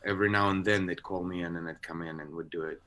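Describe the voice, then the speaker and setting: A man's voice: low-pitched, steady tone, quick pace, bright, forceful tone. A man chatting as an actor guest on a video-call interview, rambling with many restarts. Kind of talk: casual interview chat.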